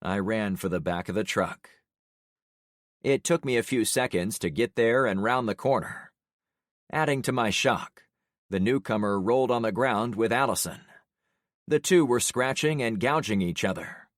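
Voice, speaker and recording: A man narrating a first-person audiobook in a measured storytelling way. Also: on the low side, dry recording, studio quality.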